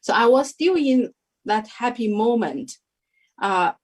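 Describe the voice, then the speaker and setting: A woman giving a personal testimony as an interview guest, telling her story in halting, unhurried phrases. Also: fairly high pitch, expressive, darkish tone. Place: lives in New Zealand.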